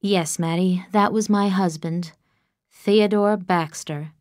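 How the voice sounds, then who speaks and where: A woman reading the part of a shaken, bitter poet in an audiobook, speaking in a low, weary, sour way. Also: fairly even intonation, slow pace, a little mellow, no echo, studio quality.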